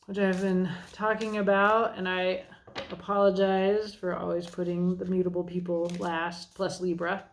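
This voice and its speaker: A woman with a gravelly, creaky voice gives a casual tarot reading. She talks slowly and thinks aloud as she goes. Her tone is chatty and self-deprecating. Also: medium pitch, slight background noise. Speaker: tarot reader.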